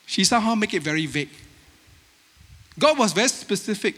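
A man preaching a sermon with Asian-accented English, animated and emphatic, acting out the voices he quotes. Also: high voice, fairly quick, pauses often. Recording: long hall reverb.

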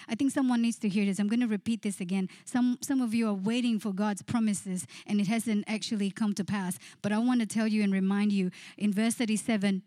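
Woman preacher, earnest, mid-pitched, repeats and slows for emphasis; dry, close recording. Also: steady tone, dark tone, no echo. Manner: earnest, repeats phrases, slows to stress key lines. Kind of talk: sermon with prayer and scripture reading. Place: church.

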